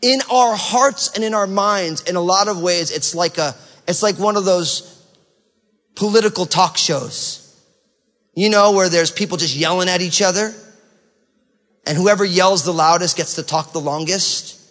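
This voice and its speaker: High-voiced preaching man, hall reverb. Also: measured pace, a bit bright. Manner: conversational preaching, acts out inner voices. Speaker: pastor. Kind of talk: sermon. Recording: long reverb of a large hall.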